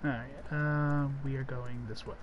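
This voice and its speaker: A man's voice: medium pitch, little pitch movement, a little slow, dull audio, slight background noise. A man streaming a co-op game, chatting casually, teasing and swearing as he plays. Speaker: streamer playing co-op. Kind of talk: casual live gaming chat.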